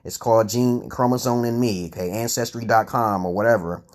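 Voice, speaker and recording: Responding to chat comments on his casual vlog, this American host argues and rambles, swears often, trips over and restarts words, and ends points with "okay?" He speaks briskly in a fairly low voice with a darkish tone.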